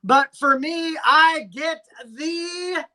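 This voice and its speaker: Recapping fantasy sports matchups on a casual podcast he co-hosts, a man teases in a dry, announcer-like way. His very high-pitched voice is bright and forceful, and he draws out his words.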